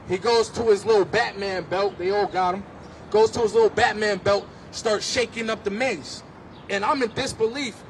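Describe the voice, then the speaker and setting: A man with a notably high voice gives impassioned personal testimony outdoors on a city street, telling his story vividly and pressing each point with emphasis. Faint traffic hum sits underneath. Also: normal speed, fairly bright tone. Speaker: speaker at a street march.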